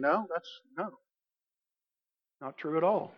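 A high-voiced male pastor delivers a sermon in a loose, conversational way, joking and acting out little quotes. His voice rings with a long reverb through a church sanctuary. The recording sounds dull and muffled. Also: moderate pace. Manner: conversational, jokey preaching with acted quotes.

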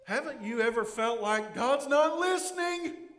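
A high-voiced male pastor delivers an earnest sermon that swells into impassioned outcries. His voice rings through a church sanctuary with a long, roomy echo. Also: animated, a little slow, fairly bright tone, faint music behind. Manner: earnest, rising to impassioned outcries when voicing prayers. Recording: echoey church hall.

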